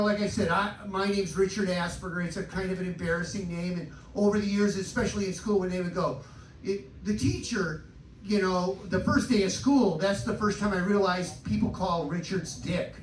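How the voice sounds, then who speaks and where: A man doing a stand-up set on a live cabaret stage, crude and self-deprecating, working the crowd. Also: high-pitched. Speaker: stand-up comedian. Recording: roomy live club recording from a distance, noisy.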